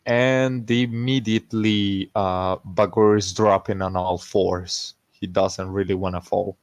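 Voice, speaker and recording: A man's voice: low voice, steady tone, slow pace, no echo. A man playing in an online tabletop game, chatting playfully and laughing often. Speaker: player. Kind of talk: casual role-play chat.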